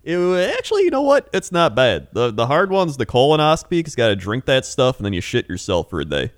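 A man's voice: medium pitch, wildly swooping pitch, fast talker, no echo, studio quality. A young man in casual podcast chat, telling rambling stories and laughing often. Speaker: podcast co-host.

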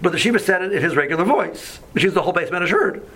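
A man's voice: high-pitched, lively intonation, rapid-fire, fairly bright tone, breathy edge, low-quality recording. A man giving a casual Torah lesson, telling stories with many fillers and mixing in Hebrew and Yiddish terms. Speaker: yeshiva teacher.

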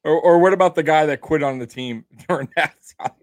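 A man's voice: a little high, fairly quick, dry recording. A man co-hosting a casual sports podcast, bantering and laughing a lot. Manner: laughs often, jokey banter. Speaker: podcast co-host.

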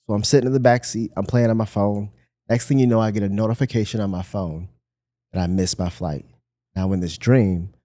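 A deep-voiced pastor from Michigan tells an animated personal story during a podcast conversation, acting out the voices of the people he quotes.

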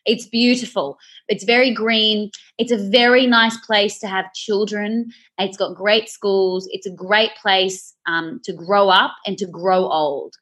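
An Australian woman guest on a podcast, chatting about her life in a warm-hearted, enthusiastic flow. Her voice sits at an ordinary middle pitch. She talks freely and easily. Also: steady tone, measured pace, hardly any pauses. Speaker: actress guest. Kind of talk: casual interview chat.

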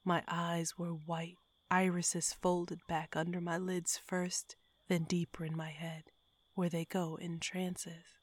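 Woman narrating horror, hushed and low. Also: little pitch movement, takes it slowly. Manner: hushed, whispery telling. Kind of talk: horror story reading.

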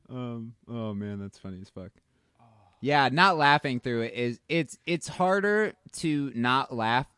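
A man's voice: medium pitch, expressive, slow, bright, forceful tone, clean tone, no echo, studio quality. A man hosting a podcast in casual chat, loose and laughing, swearing freely. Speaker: podcast host.

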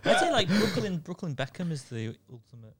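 A man's voice: fairly high pitch, sing-song, a little fast, husky, no echo. A man in casual podcast banter, telling stories and mocking celebrities. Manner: storytelling, mocking. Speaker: podcast co-host.

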